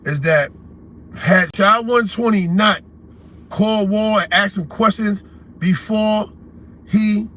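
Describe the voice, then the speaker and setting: A blunt, confrontational man with a New York accent rants to his livestream audience in street slang. His voice sits high for a man and sounds bright and forceful. There is a faint hiss of noise behind him. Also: slow, long pauses. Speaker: host of a call-in livestream. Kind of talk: heated casual livestream rant.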